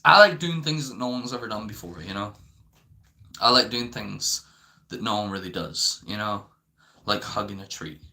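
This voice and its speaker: A man's voice: lowish voice, pushed and bright. A young man ranting to camera in a rambling, profane way, filling his talk with "you know". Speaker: vlogger. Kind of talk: unscripted rant.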